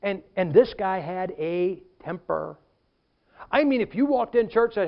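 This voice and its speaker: High-voiced animated preacher, lo-fi. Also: male voice, normal speed, vocal fry. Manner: animated storytelling preacher, acts out quotes. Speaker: pastor. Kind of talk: sermon.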